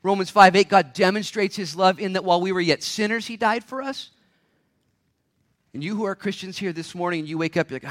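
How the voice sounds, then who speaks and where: A man preaching a sermon to a church congregation, impassioned, firing off rhetorical questions and swinging from hushed tones to shouts. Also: high-pitched. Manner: rapid-fire rhetorical questions. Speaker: pastor. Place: church service.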